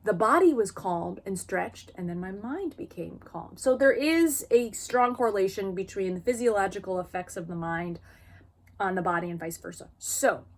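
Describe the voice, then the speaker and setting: A woman's voice: medium pitch, moderate pace. A woman vlogger talking frankly and expressively to camera about her own experience, in a casual personal style. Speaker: vlogger sharing lived experience.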